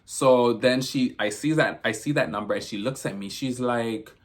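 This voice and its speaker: A man's voice: medium pitch, normal speed. A man vlogging a casual storytime, rambling through his retelling and leaning on constant "I'm like" to report what was said.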